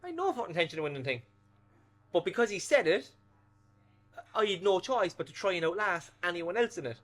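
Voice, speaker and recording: Fast-talking, bright-voiced man. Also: high-pitched. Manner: animated anecdotes, swears freely. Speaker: former footballer guest. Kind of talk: casual storytelling interview.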